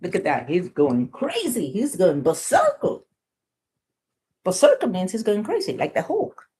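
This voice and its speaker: Slow, lively woman reading to kids. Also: on the low side. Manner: chatty, explains words and lessons to kids. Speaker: storytime reader. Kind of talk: children's book read-aloud.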